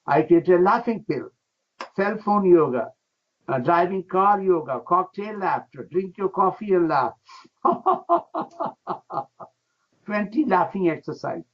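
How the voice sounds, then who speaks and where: A man's voice: high-pitched, animated, normal speed. An older man, a laughter yoga teacher, talking with exuberance in broken English and breaking into chants and laughter as a radio guest. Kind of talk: enthusiastic radio interview. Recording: dull lo-fi radio sound.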